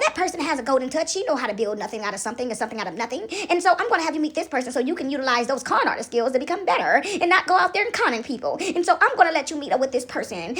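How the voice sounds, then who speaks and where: A woman's voice: high voice, fairly bright tone. An older woman talking casually about faith and acting out voices, playful and laughing often. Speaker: faith vlogger. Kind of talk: casual monologue, acting out God's voice.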